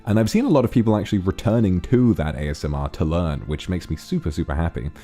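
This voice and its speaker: A man's voice: deep voice, fast talker, dark tone. A man streaming casually, rambling about ideas and thanking donors one by one. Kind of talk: casual stream chat reading donations.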